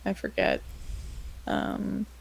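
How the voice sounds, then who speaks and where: A woman who runs tabletop games, chatting casually on a podcast and laughing often. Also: very slow. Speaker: game master.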